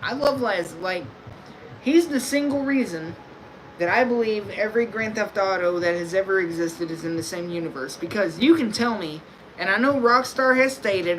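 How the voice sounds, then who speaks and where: A man's voice: high voice, moderate pace, a bit bright, slight background noise, poor audio. A man streaming live, talking to his audience in a loose, rambling, crude way. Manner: rambling, crude, laid-back. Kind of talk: casual live-stream chat.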